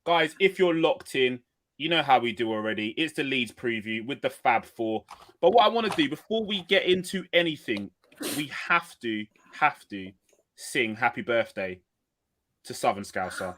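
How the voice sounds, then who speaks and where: A man hosting a football podcast in an excited, chatty way, full of energy as he brings in his co-hosts. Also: medium pitch, moderate pace. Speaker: podcast host. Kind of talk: excitable casual podcast chat.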